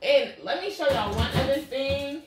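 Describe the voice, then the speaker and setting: A woman's voice: high-pitched, normal speed, over music. Chatty young woman vlogging a grocery haul. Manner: chatty, talks straight to viewers as y'all, blunt and slangy. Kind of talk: casual grocery haul vlog. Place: home kitchen. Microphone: camera mic.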